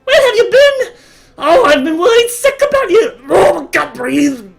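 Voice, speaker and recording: A man voicing a smothering, frantic middle-aged mother who gushes shrilly and loudly. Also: sing-song, measured pace, creaky, heavily acted. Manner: shrill, gushing and loud.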